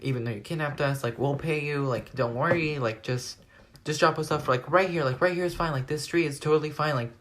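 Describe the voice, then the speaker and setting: A teenage young man telling a personal story to his vlog audience in a rambling, animated way, packing nearly every phrase with "like.". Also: on the high side, a little fast, a little hiss or hum. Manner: rambling, animated retelling full of "like". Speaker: vlogger. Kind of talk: storytime retelling.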